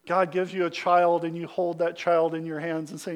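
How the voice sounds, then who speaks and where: A man preaching a sermon, swinging from hushed lines to loud calls for amens and acting out the voices of his listeners. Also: on the high side, level tone, normal speed, smooth. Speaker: pastor.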